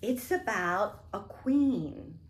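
A woman hosting a toddler storytime, speaking in a slow, sing-song way, with exaggerated words for small children. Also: mid-range voice, animated.

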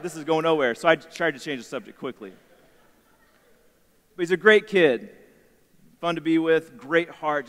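Animated man preaching in a reverberant chapel. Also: on the high side. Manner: animated, acts out quotes of himself and his son. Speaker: chapel speaker. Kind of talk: storytelling sermon. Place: university chapel. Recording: long hall reverb.

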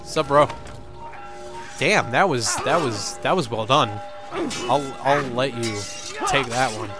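Animated, joking young gamer guy. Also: mid-range voice, slow pace. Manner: joking, swears a lot, animated outbursts. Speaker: gameplay commentator. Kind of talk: casual let's-play commentary. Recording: faint game music behind.

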